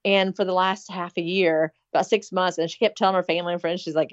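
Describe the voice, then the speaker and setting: A woman's voice: fairly low pitch, steady tone, a little fast, few pauses, dry recording. A middle-aged woman speaking as an interview guest in casual talk, earnest and rambling, with many fillers. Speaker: interview guest planning a hospital. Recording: dull lo-fi sound.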